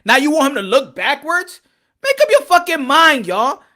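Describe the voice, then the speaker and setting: A man's voice: very high-pitched, normal speed. Profane, fired-up male boxing ranter. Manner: heated, profane, animated ranting with repeated phrases. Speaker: boxing commentator. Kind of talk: ranting talk show.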